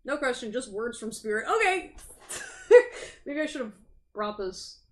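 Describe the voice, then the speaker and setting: A woman's voice: on the high side, lively intonation, measured pace. A woman hosting a tarot livestream, chatting casually, frank and sympathetic, swearing freely. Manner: sympathetic and sassy. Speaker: tarot reader and livestream host. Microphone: streaming setup.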